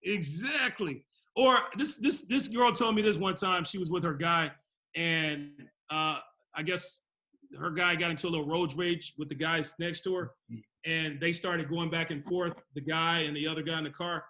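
A man co-hosting a talk show, chatting in a casual, animated way and acting out quotes. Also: fairly high pitch, normal speed. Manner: animated, laughing, acts out quotes. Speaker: podcast co-host. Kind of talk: casual chat.

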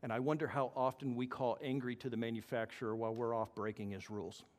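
Animated male pastor in a reverberant church. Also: medium pitch, fast talker. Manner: animated, acts out quoted voices. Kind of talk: sermon. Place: church hall. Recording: long hall reverb.

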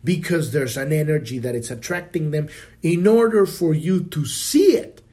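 High-voiced man giving a spiritual talk. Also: animated, normal speed, dark tone. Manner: casual, swears freely, many restarts. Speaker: podcast host.

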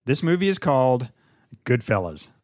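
A man's voice: mid-range voice, sing-song, normal speed, dry recording, clean studio sound. A man co-hosting a casual movie review podcast, talking in a chatty, playful way and swearing casually. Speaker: podcast co-host presenting the movie.

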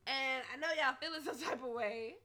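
A woman's voice: high-pitched, moderate pace, sharp tone. A woman co-hosting a podcast in casual chat, blunt and profane, often breaking into laughter. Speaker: podcast co-host.

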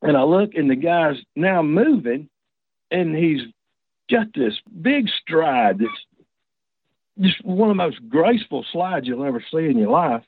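A man's voice: a little high, very animated, unhurried, breathy edge, dry recording. A man tells a personal story in a casual, folksy, rambling way, full of restarts and asides. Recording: tinny dry phone line.

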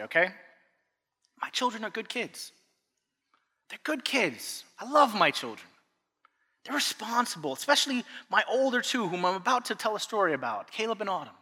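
A man in his thirties preaching a sermon as a pastor, telling a family story in an animated way and acting out the voices. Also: high-pitched. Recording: long echo of a large hall.

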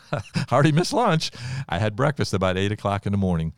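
A man from Ohio telling a personal testimony on a podcast, in an animated storytelling manner and chuckling often. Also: on the low side, fairly quick, dry recording, studio quality. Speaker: preacher sharing his testimony.

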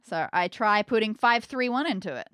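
A woman's voice: mid-range voice, lively intonation, normal speed, fairly bright tone, no echo, clean studio sound. A woman playing a tabletop game, talking through her moves in a methodical, wry way. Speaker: player.

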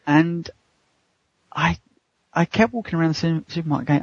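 A British man in his thirties, a co-host answering interview questions, tells a personal story in a chatty way, laughing often and acting out the other people's voices. His voice is a little high and steady, at normal speed with frequent pauses. The recording is muffled with no echo.

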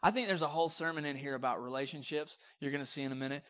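Pastor, chatty humorous sermon, slightly high male voice. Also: rapid-fire, bright, forceful tone. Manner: casual, joking, conversational preaching.

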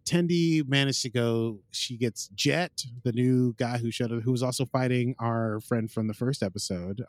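Here a podcast host speaks with a medium-pitched, slightly mellow voice and no echo. He wanders through a relaxed episode recap, quoting the characters and filling gaps with "uh" and "like."

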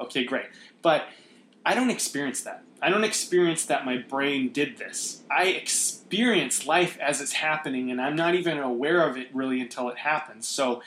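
A man's voice: mid-range voice, moderate pace, a bit bright, reverberant. A man hosting a podcast, talking casually and reflectively with many restarts. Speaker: podcast host. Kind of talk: casual conversation.

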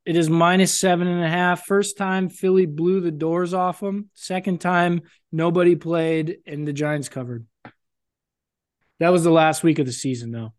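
Animated male sports podcast co-host. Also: on the high side, moderate pace, no room sound, clean studio sound. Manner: animated, breaks into impressions. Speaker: podcast co-host making picks. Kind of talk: casual sports chat.

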